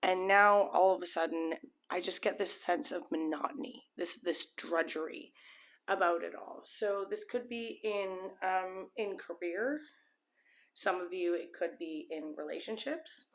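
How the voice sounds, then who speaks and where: Chatty woman, slightly low voice. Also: a little slow. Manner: rambling, chatty, many restarts and fillers; acts out imagined people's thoughts. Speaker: tarot reader. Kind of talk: casual tarot reading to camera.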